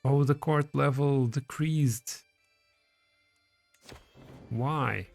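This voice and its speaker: A man's voice: mid-range voice, extremely slow, creaky, a little mellow, faint music behind. A man casually commenting on his strategy game and reading its text aloud as he plays. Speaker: streamer playing a strategy game.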